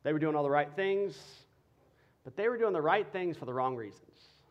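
A male pastor preaching a sermon, building from quiet explanation to loud, passionate emphasis. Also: on the high side, lively intonation, normal speed, dull audio. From Texas.

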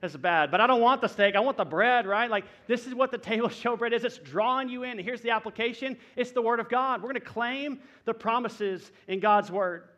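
A man's voice: very high-pitched, a little fast, few pauses, fairly bright tone, dull audio. A male pastor, preaching a sermon in a conversational way with folksy asides to his church.

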